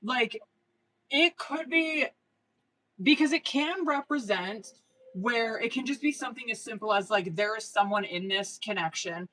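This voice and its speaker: A woman's voice: a little high, lively intonation, a little slow, sharp tone, rough recording. A woman giving tarot readings on a casual live stream, slangy and profane, laughing often and calling viewers girl and boo. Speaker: tarot reader.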